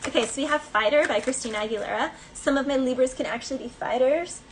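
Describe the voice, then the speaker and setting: A woman's voice: sits high, fast talker, a little hiss or hum, poor audio. Chatty woman giving a tarot reading. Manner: chatty and rambling, with many fillers; breaks into bits of song. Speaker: tarot reader. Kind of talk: casual collective tarot reading.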